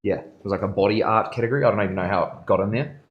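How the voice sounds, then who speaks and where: Picture a tattoo artist mid-session, talking to his live-stream audience in an easy, loose, rambling way. He is a man with a fairly low voice who throws in a lot of "bro" and laughs easily. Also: very fast, muffled recording. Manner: laid-back and rambling, calls viewers bro, laughs often. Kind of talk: casual live-stream chat while working. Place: tattoo studio.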